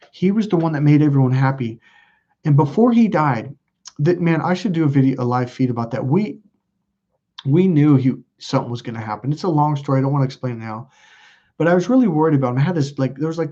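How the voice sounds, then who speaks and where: A man's voice: a little high, animated, a little fast, dark tone, dull audio. A man telling a personal story as a self-help video host, rambling and cutting himself off mid-sentence. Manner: rambling, self-interrupting, casual with profanity.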